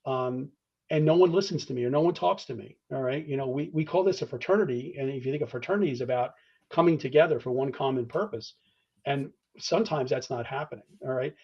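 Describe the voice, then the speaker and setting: A man's voice: mid-range voice, quick pace, slightly rough, dull audio. A man answering as a podcast interview guest in an earnest, conversational way, restarting phrases often, acting out phone calls, and checking in with "all right?". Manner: many restarts, tags points with "all right?". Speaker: guest discussing fraternity membership.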